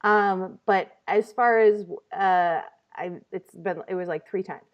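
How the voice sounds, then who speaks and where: A woman in her thirties, host of a comedy talk show, tells a story in a casual, animated way, laughing as she goes. Her mid-range voice moves at an unhurried pace, and the audio sounds dull.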